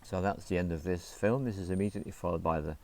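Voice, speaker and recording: A man acting as a spiritual teacher, explaining a mantra slowly and deliberately and spelling out its syllables one by one. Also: low voice, a little mellow.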